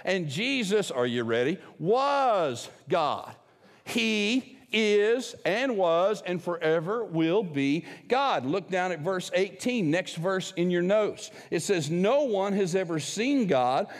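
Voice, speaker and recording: A man's voice: sits high, big-room sound. A man preaching a sermon as the pastor of a church, telling a personal story in an emphatic, conversational way. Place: church sanctuary.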